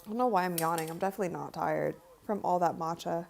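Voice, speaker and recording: A woman's voice: fairly low pitch, fast, gravelly, darkish tone. A woman hosting a live-streamed basketball watch party, chatting casually and giggling as she comments and talks to her viewers.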